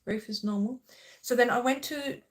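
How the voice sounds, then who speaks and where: Her voice is fairly high and her pace moderate as she delivers an emotional spiritual talk on her channel. She speaks to viewers earnestly and passionately, often checking in with "okay?"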